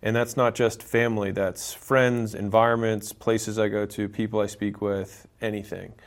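A man's voice: fairly low pitch, little pitch movement, normal speed. A man talking straight to camera in a self-help video, blunt and emphatic, with occasional swearing, acting out conversations with relatives. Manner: blunt and emphatic, swears, acts out quoted dialogue. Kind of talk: direct-to-camera motivational talk.

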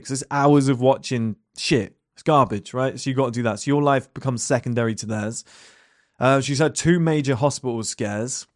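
A young entrepreneur sits at his desk talking to camera in a casual monologue, blunt and swearing, rambling with lots of fillers and rhetorical questions. His voice is mid-range, and the sound is clean studio audio with no room sound.

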